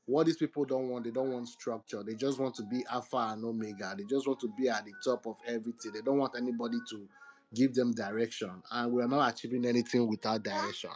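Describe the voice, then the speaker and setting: A man's voice: medium pitch, fairly even intonation, quick pace. A man speaking in a casual online talk, earnest and rambling with hesitant fillers. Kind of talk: casual chat.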